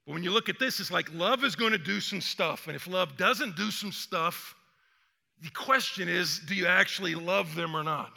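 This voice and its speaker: Gravelly, bright-voiced man preaching in a reverberant hall. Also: sits high, moderate pace. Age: older. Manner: energetic, conversational, acts out quotes. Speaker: pastor. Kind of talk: sermon. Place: church sanctuary.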